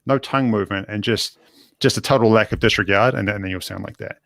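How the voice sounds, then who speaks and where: A man with a New Zealand accent, guesting on a casual live-stream chat. His voice sits fairly low, and he answers with quick, playful banter. The sound is dry and close. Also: vocal fry, a bit bright, no echo. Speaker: guest radio operator.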